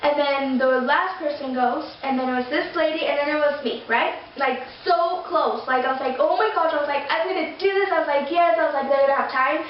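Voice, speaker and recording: A woman's voice: high voice, steady tone, a little fast, few pauses. A young woman vlogger rambling through a story, gushing and full of fillers and restarts. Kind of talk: casual storytelling to camera. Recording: very echoey, distant, dull lo-fi sound with faint noise.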